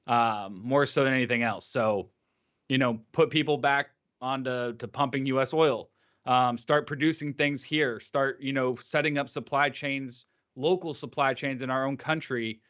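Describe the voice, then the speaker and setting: A man co-hosting a live market stream, casual and blunt in his opinions. His voice sits at an ordinary pitch. The audio is dull and lo-fi. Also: steady tone, moderate pace, fairly bright tone. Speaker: market show co-host.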